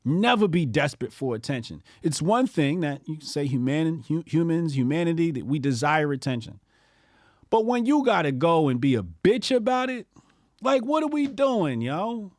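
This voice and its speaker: Speaking at a moderate pace, a male political show host with a slightly high yet darkish, animated voice moves between low grumbles and scornful eruptions. He swears, sneers, and impersonates opponents to mock them, captured in a close, dry recording.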